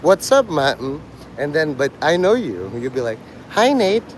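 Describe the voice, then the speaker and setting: A man's voice: mid-range voice, big pitch swings, normal speed, slight background noise, rough recording. A man livestreaming outdoors on a city street, rambling crudely and joking provocatively.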